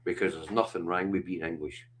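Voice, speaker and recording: Sweary scottish guy hosting a stream, deep voice, blunt and fired up. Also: fairly even intonation, a little fast, a bit bright, a little hiss or hum. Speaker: livestream host. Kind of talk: casual chat.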